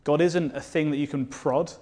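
A man's voice: fairly high pitch, fairly even intonation, moderate pace, warm tone. A man preaching a sermon, earnest and fervent, asking the listeners rhetorical questions. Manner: earnest, rising to fervent declarations.

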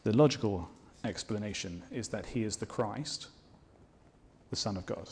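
A man's voice: lowish voice, moderate pace, darkish tone, a little hiss or hum. Earnest male preacher giving a sermon. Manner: earnest, rising to fervent declarations; rhetorical questions to the listeners.

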